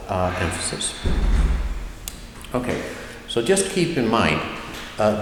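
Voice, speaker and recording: Male language teacher, unhurried and patient, repeats examples; roomy, reverberant recording. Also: fairly low pitch, noisy background. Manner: repeats example sentences slowly, then explains each word. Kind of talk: slow explanatory lesson. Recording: echoey room with long reverb.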